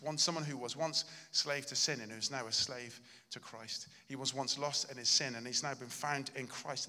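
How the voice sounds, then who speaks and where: A man preaches in a sermon, his voice very bright and forceful as it rings through a reverberant church hall. He stresses his points earnestly and acts out the lines he quotes. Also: medium pitch. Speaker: pastor.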